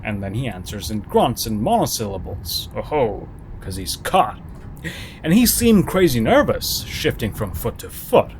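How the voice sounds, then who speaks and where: Man narrating with wildly swooping pitch. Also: very animated, measured pace, darkish tone, slight background noise. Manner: dramatic, sarcastic, swooping intonation. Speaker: horror story narrator. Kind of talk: reading a first-person horror story.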